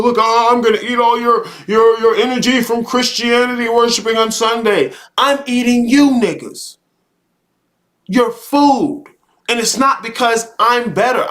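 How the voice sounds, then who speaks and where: This is a man with a high-set, sharp voice hosting a live talk stream. He preaches in a cursing, heated rant. He doubles back on his own words and punctuates his points with rhetorical questions. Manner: repeats words, frequent rhetorical "okay?". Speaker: host. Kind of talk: live-streamed spiritual monologue.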